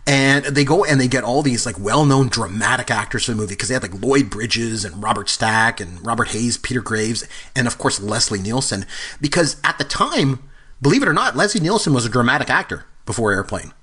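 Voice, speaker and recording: A man with a husky yet bright, forward voice explains classic comedies. He talks eagerly, like a well-read film buff, in a loose conversational chat with his co-host. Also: medium pitch, lively intonation, fairly quick. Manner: enthusiastic, knowledgeable film buff. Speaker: podcast co-host.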